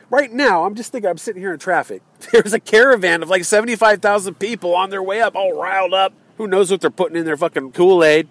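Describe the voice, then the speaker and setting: Male vlogger, slightly high voice, heated rambling rant, recording from a car. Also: lively intonation, fast, a bit bright. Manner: heated, rambling, with many fillers and restarts. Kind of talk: ranting political monologue. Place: in a car in traffic.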